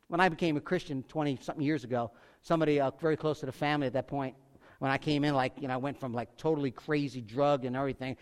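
Emphatic high-voiced male preacher. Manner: emphatic, repeats phrases, rises to forceful peaks then drops quiet; casual fillers like "like" and "you know". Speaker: pastor. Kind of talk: sermon.

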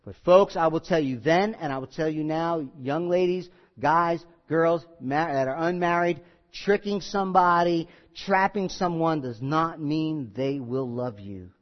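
Folksy joking preacher, high voice. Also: male voice, unhurried. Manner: folksy, joking, then earnest and emphatic. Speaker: pastor. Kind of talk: sermon. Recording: slightly muffled recording.

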